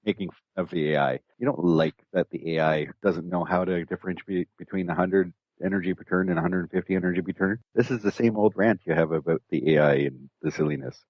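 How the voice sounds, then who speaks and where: A man's voice: sits low, quick pace, few pauses, no echo, lo-fi sound. A man co-hosting a casual podcast panel, teasing and blunt with the others. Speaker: podcast co-host.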